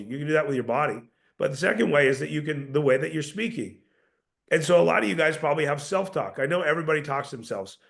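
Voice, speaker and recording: Man, sales coach, gravelly, slightly high, rhetorical questions, live training. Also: fairly bright tone.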